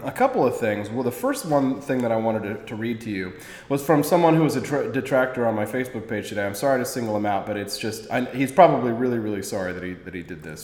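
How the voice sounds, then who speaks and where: Man, talk show host, rambling and jokey, lively pitch, roomy echo. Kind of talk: casual political talk show chat.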